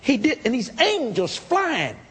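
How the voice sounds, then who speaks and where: A man preaching a testimony sermon, telling his story with excitable emphasis and sudden shouts. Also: very high-pitched, a little slow, long reverb tail.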